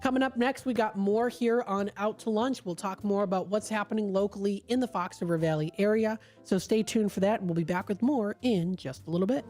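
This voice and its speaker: A woman radio host reading an article aloud in a casual, relaxed way, stumbling over words now and then with fillers and restarts, speaking into a studio microphone. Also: medium pitch, a little fast, hardly any pauses, faint music behind.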